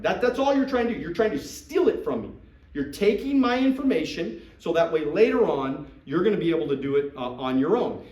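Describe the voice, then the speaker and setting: A man's voice: on the high side, a little mellow. Guy pumping up a room on recruiting, repeats himself a lot, roomy echo. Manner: emphatic, repeats phrases, acts out sales dialogue. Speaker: business trainer. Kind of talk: motivational business talk to a group. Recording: echoey room, mic at a distance.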